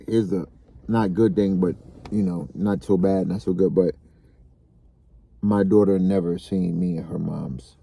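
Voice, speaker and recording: A man co-hosting a casual podcast conversation, telling stories in an animated way and leaping into high, excited exclaims. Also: a little slow, gravelly, pauses often, slightly rough. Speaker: podcast co-host.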